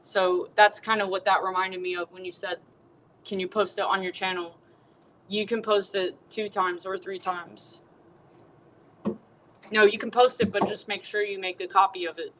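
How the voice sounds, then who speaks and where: A woman's voice: medium pitch, steady tone, normal speed, fairly bright tone, slight background noise, poor audio. A woman hosting a casual livestream, telling a bawdy comic story with chatty asides to her viewers. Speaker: livestream host.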